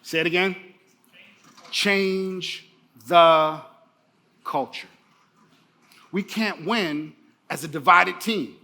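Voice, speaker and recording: A man's voice: sits high, extremely slow, creaky, long pauses, pushed and bright. A middle-aged man giving a motivational keynote speech, emphatic and repeating key phrases for the audience. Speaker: keynote speaker.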